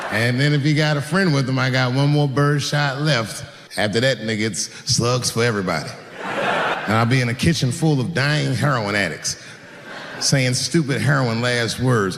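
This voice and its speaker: A man performing a stand-up comedy set, telling stories with shouted bits and acted voices. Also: mid-range voice, normal speed, big-room sound, noisy background. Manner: animated storytelling, voices and shouts.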